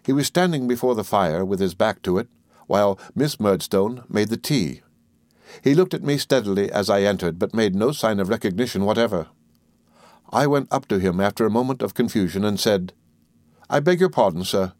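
Brief: male narrator, lowish voice, measured storytelling, dry close sound. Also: darkish tone, no echo. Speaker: audiobook narrator. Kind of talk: scripted narration.

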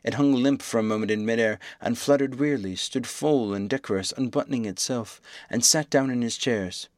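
A man reading a novel aloud as audiobook narration, in steady, measured storytelling. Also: medium pitch, no room sound, studio quality.

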